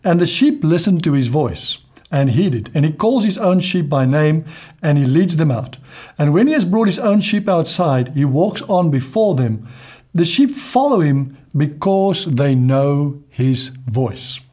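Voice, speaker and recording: A man's voice: fairly high pitch, lively intonation, measured pace. A man preaching a sermon, reading scripture aloud and explaining it, with an occasional hallelujah. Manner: reads scripture aloud, warm laughs, says hallelujah.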